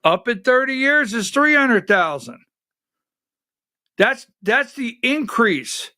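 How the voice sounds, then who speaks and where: A man's voice: extremely high pitch, very animated, slow pace, pushed and bright, no room sound, studio quality. A man hosting a live political talk show, speaking conversationally and firing off rhetorical questions at his listeners.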